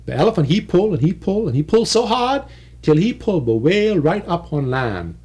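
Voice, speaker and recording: Lively rhythmic male folk storyteller. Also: on the high side, a little fast, slightly rough. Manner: rhythmic dialect storytelling with repetition. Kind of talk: oral folk-tale telling.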